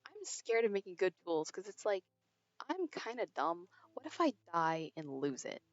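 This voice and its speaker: A woman's voice: lowish voice, very animated, normal speed, no echo. A teenage girl chatting and telling a rambling story while she plays a game, giggling often, on a small earbud mic. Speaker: streamer. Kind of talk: casual chat while gaming. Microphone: earbud headset mic. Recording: dry, dull lo-fi earbud mic.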